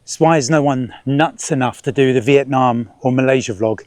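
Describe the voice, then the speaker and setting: A man's voice: mid-range voice, normal speed, hardly any pauses, a little mellow, dry recording. Chatty man birding outdoors, dry sound. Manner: rambling, chatty, stop-start. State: sweating, swatting ants and bugs. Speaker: birdwatching vlogger. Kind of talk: casual outdoor vlog narration. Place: outdoors in a city park.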